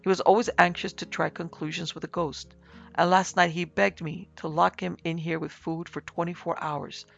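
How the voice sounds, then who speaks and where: A man voicing an unnerved country gentleman who speaks weakly and falters, in a muffled recording with soft music. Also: on the high side, flat delivery, normal speed, gravelly. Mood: shaken. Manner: weak, faltering. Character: shaken middle-aged English baronet, weak and unnerved.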